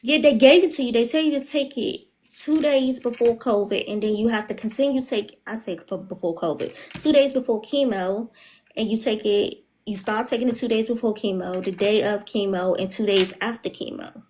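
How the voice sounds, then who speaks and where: A woman's voice: medium pitch, a little fast, hardly any pauses, a little mellow, rough recording. A woman speaking candidly on a podcast, telling an emotional personal story and often quoting her own words. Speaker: guest. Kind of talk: podcast interview.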